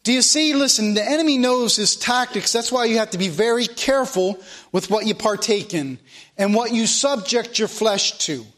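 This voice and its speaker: High-voiced preacher repeating his points. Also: animated, normal speed, a bit bright. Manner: preaching with emphatic repetition, reading scripture aloud. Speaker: pastor. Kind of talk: sermon.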